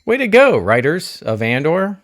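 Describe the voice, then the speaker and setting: A man's voice: fairly high pitch, huge pitch swings, measured pace. A man giving a casual spoiler review of a TV episode. He thinks aloud, keeps asking himself questions, throws in jokey asides and gushes openly about the scenes he loves. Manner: openly emotional, gushing. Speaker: TV show reviewer.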